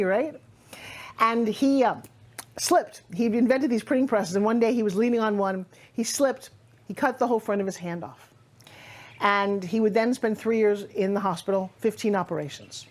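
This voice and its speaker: Energetic motivational woman speaker. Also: medium pitch. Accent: New York. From Long Island, New York. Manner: energetic, emphatic, conversational. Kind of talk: motivational talk.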